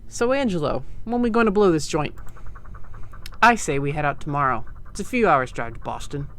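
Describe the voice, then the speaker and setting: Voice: mid-range voice, animated, moderate pace, a bit bright. A streamer putting on brash East Coast gangsters. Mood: swaggering. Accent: put-on vague American East Coast. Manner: tough-talking, swaggering drawl. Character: rough small-time 1920s gangster men, brash. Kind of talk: reading game dialogue aloud in character.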